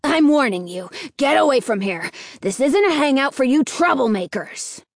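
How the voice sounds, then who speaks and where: A woman acts out a grumpy middle-aged postmaster who hates kids. He snarls and barks warnings, raised and forceful. The sound is dry and close. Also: high voice, animated, moderate pace, no echo, pitched above the performer's own voice. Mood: stern. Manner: snarling, sharp, threatening. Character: angry bald middle-aged male postmaster.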